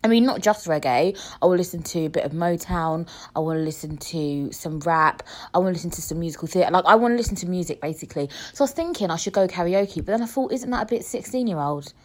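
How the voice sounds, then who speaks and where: A woman's voice: fairly low pitch, fast, few pauses. A woman, hosting a casual podcast, chatty and cheeky, swearing and mimicking other people's voices. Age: 20s. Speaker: podcast host. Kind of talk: casual chat.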